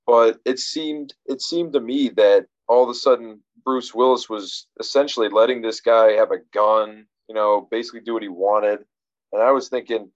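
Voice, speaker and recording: A man's voice: mid-range voice, steady tone, normal speed, highs cut off. A man in casual conversation about a film, thinking aloud with frequent restarts. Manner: rambling, many restarts and fillers, reflective. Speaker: podcast co-host discussing a film.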